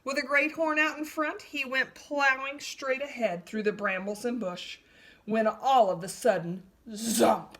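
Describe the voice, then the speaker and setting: A woman reading a children's story aloud in an expressive, animated way. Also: sits high, a little slow.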